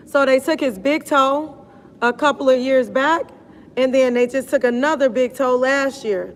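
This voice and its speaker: A middle-aged woman wellness coach chatting casually on a live stream, animated and blunt, laughing often and talking in slang. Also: high voice, normal speed, slight background noise.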